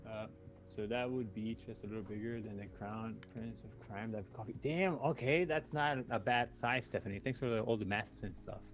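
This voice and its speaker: A man's voice: fairly low pitch, moderate pace, soft background music. A man co-hosting a live stream in casual chat, laid-back and rambling, with lots of "like".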